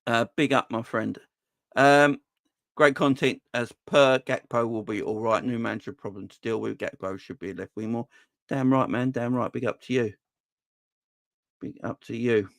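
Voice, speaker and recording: A man hosting a fan channel livestream, chatting casually and reading out comments, his voice jumping high when he rants. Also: normal speed, creaky, no echo, clean studio sound. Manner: animated, voice jumps high when ranting.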